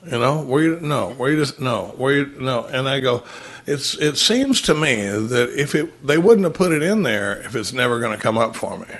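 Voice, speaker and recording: A man's voice: medium pitch, expressive, moderate pace. A middle-aged man speaking at a recovery meeting, telling stories with quoted dialogue and laughing often.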